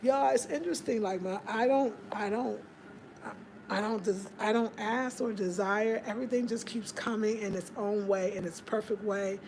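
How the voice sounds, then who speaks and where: A woman's voice: medium pitch, normal speed, darkish tone, a little hiss or hum. Chatty woman hosting a livestream. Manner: chatty, laughs often, drifts between topics. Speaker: livestream host. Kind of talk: casual live-stream chat. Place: home in Ghana.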